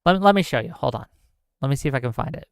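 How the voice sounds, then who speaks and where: A man hosting a political livestream, his voice smooth and crisp on a close mic. He speaks with passion, says points twice over and keeps asking his audience "right?" The sound is dry, with hardly any room around it. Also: medium pitch, expressive, racing, no echo. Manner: impassioned, repeats himself for emphasis; checks in with listeners with "right?". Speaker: livestream host.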